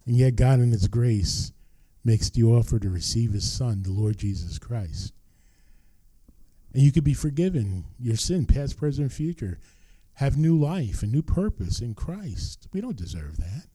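An older man delivers a sermon as pastor, with slow, deliberate phrasing and frequent repetition for emphasis. His voice is very dark and mellow, at a middling pitch. The sound is close and dry. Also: lively intonation, no echo. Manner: earnest, emphatic preaching with repeated phrases.

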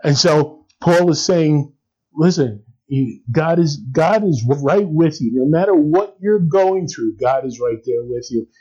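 Male pastor, sermon, conversational, husky, dark tone, dull lo-fi recording. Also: fairly high pitch, lively intonation, measured pace. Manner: conversational preaching with many fillers and restarts.

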